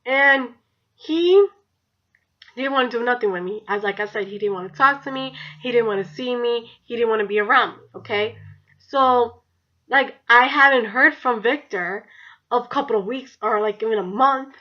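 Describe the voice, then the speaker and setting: A woman's voice: a little high, moderate pace. A young woman telling a story on her vlog, chatty and blunt and swearing freely. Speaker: vlogger. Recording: dull lo-fi recording.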